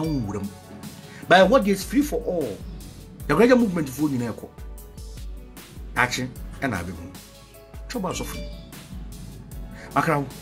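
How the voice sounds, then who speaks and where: Ghanaian man, spiritual leader, lively swooping voice, fairly high, faint music behind. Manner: sings out phrases, laughs, swings from loud shouts to low murmurs. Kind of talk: animated preaching and product promotion.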